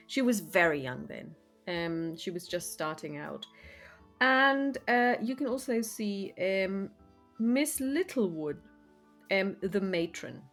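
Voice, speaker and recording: Woman narrating as game master. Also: mid-range voice. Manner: descriptive, with frequent ums and soft asides.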